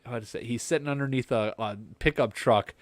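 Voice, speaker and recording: A man's voice: medium pitch, brisk, no room sound. A young adult man co-hosting a podcast, chatting casually and rambling with enthusiasm about movies. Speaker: podcast co-host.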